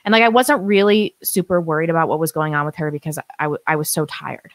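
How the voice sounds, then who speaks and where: Woman with a low voice, live-stream co-host, lively storyteller, dry close mic. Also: fast talker, no echo. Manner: animated storyteller who acts out quotes, laughs often. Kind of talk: casual chat, telling a birth story.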